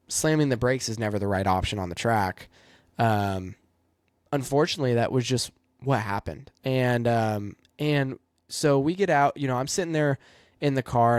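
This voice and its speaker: Young man, race car driver, rambling reflective storytelling, mid-pitched voice, dry close sound. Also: darkish tone, no echo. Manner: reflective, rambling with many fillers. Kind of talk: casual personal storytelling.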